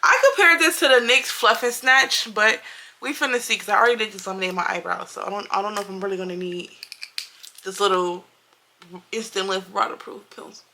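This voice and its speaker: Here a woman with a mid-range voice talks fairly quickly in a bright, forceful tone. She's a beauty vlogger doing a casual makeup review and storytime, chatty and emphatic, repeating points and speaking directly to viewers.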